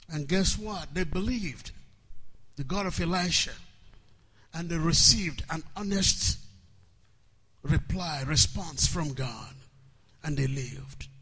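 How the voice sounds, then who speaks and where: A man preaching a sermon, calling people forward and building to loud, emphatic, repeated refrains. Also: on the high side, slightly rough.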